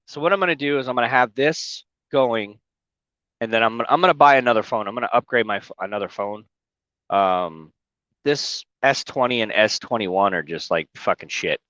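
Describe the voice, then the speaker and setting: Rambling, cussing trucker on a livestream. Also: male voice, medium pitch, normal speed, fairly bright tone, no room sound, highs cut off. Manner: rambling, profane, talks to viewers by name. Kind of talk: casual livestream chat. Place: inside his truck cab. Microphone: phone.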